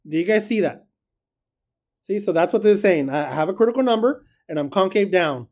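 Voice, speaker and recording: In a recorded classroom lecture, a math teacher explains calculus rules chattily and often checks whether the class follows. His voice sits high and is expressive and a little mellow, moving a little fast.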